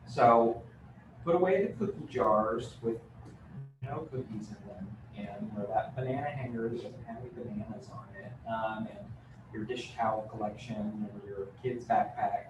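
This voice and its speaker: A man's voice: on the low side, normal speed. A man giving a live real estate training talk, conversational and joking, with many fillers. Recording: roomy, distant mic with room noise.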